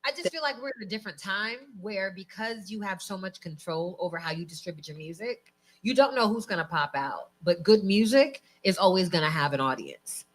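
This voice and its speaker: A woman from Las Vegas co-hosting a podcast, chatty and expressive as she tells stories. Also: medium pitch, fairly quick. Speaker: podcast co-host. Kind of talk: casual interview chat.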